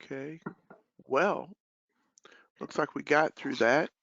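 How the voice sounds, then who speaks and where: A man with a gravelly, creaky voice hosts a business webinar in a casual, relaxed manner, working through questions and closing remarks. The audio is dry and a bit dull, as over a video call. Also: fairly high pitch, takes it slowly, no room sound. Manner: casual, relaxed, filler-heavy. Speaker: webinar host, life sales director.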